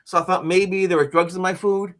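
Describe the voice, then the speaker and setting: A man of about sixty, a guest on an interview show, telling a personal story in a lively way and acting out the quotes. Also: high-pitched, a little fast. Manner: lively, acts out quotes and screams, frequent "like" fillers. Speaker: interview guest, author and teacher.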